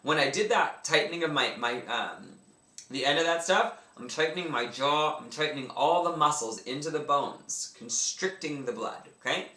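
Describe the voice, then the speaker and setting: Bright-voiced man teaching yoga breathwork. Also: a little high, lively intonation, moderate pace. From Canada. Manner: casual, enthusiastic, talks through each movement. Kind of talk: instructional talk. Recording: echoey room, mic at a distance.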